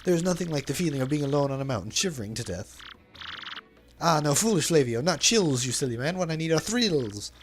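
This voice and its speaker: A pompous, flamboyant trader-sailor boasts in grand, overly formal phrases, as a man dubs him over a video game. The voice sits a little high and is carried on faint background music. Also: lively intonation, a little fast, natural voice. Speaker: let's play dubber.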